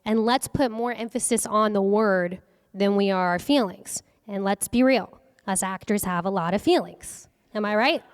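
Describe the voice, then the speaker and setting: A young woman speaks earnestly to a workshop audience in a somewhat high voice, chatting and asking questions as she goes. Her voice rings out with a long reverb from the hall around her. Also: clean tone. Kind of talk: faith-based workshop talk. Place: event hall.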